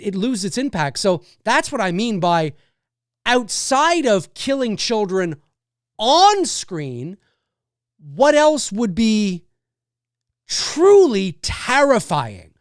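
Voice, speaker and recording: Casual male livestream host, rambling and reading viewer comments, smooth voice, dry sound. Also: sits high, no room sound.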